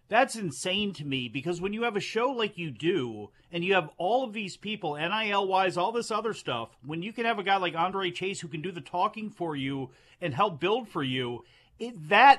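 A man co-hosts a radio talk show and argues his opinions emphatically. His voice sits a little high and comes out bright and forceful. He speaks in a casual, conversational way. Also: animated, normal speed. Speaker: radio co-host.

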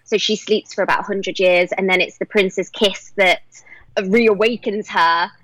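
A young actress and singer from England with a Liverpool accent, chatting enthusiastically as an interview guest and laughing often. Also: female voice, medium pitch, steady tone, a little slow, a bit bright, no room sound, poor audio. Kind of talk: casual interview chat.

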